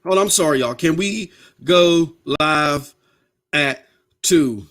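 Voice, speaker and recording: A man hosting a live-streamed podcast, talking straight to his viewers in an animated rant that often rises to yelling. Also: on the high side, slow pace. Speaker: podcast host.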